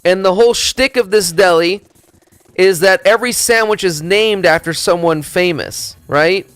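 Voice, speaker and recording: A man streaming, chatting casually in a rambling, profane, animated storytelling way. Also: sits high, normal speed, clean tone, no echo, faint music behind.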